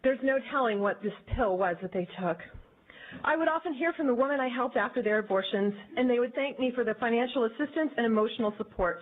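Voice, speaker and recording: A woman speaking in an earnest, measured way as she gives prepared testimony before a legislative committee. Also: fairly high pitch. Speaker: advocacy group director testifying. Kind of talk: formal public testimony. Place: legislative committee hearing room. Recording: tinny, phone-like archive audio.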